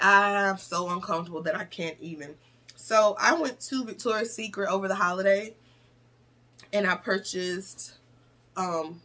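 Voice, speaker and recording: Chatty husky woman vlogging. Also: medium pitch, fairly bright tone. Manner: chatty and playful, slangy asides to viewers. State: nasal, stuffy. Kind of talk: casual chat to viewers.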